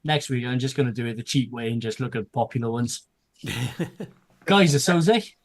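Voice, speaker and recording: A man's voice: medium pitch, normal speed. A man co-hosting a casual livestream, reading out viewers' names with small asides. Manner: steady list-reading with asides. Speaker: co-host reading out chat.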